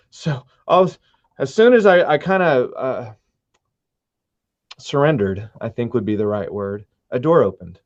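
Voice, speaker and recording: A middle-aged man, a musician guest, telling his story with earnest, animated retellings in a casual interview. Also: medium pitch, unhurried, long pauses, no room sound. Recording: dull dry sound.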